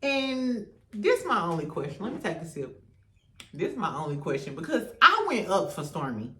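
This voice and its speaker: A woman's voice: on the low side, moderate pace, distant mic. Sassy woman gossiping in a roomy echo. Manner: sassy, profane, laughs often, animated. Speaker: host. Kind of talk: casual reality TV gossip commentary.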